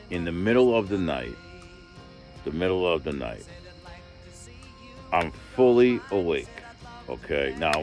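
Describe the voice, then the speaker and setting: A man vlogger telling a personal story in a rambling, profane, earnest way, full of filler phrases. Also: rumbling low. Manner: earnest, emphatic.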